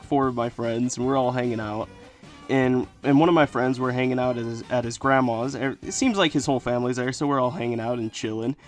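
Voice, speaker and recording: Profane teenage boy telling a story. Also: a little high. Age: teens. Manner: profane, animated, excitable retelling. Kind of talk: casual storytelling.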